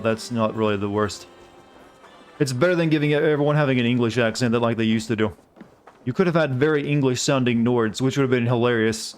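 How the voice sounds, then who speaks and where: A man from the United States streaming a video game. He chats in a rambling way with sarcastic, griping asides. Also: mid-range voice. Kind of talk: casual gameplay commentary.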